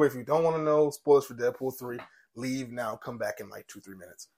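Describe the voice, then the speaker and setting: This young man speaks a little fast, his medium-pitched voice darkish in tone. Co-hosting a podcast, he chats casually and animatedly, swearing without restraint and emotionally retelling TV scenes.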